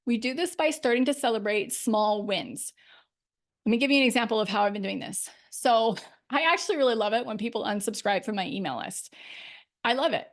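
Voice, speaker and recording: Podcast host: middle-aged woman life coach, upbeat and emphatic, laughs often, pitched a little high. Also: fairly quick. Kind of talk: solo podcast talk.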